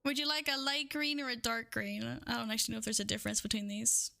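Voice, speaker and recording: High, bright-voiced woman streamer. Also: level tone, fast talker, gravelly, dry recording, studio quality. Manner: stunned, gushing thanks with frequent swearing and laughter. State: shaking with excitement. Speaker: livestreamer. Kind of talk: casual stream chat. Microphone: studio microphone with windscreen.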